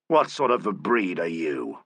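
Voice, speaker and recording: A man's voice: deep voice, sing-song, unhurried, a bit bright, slightly rough, no room sound, heavily acted. A man voicing a rude, sarcastic theatre proprietor who mocks the inspector, in an audiobook. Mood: surly. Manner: rude, savage, mocking. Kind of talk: audiobook character voice.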